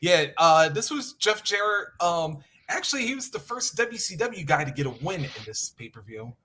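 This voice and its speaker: A man's voice: high-pitched, sing-song, normal speed, noisy background. A man co-hosting a podcast, adding facts in a laid-back, easygoing way. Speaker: podcast co-host. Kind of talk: casual chat about pro wrestling.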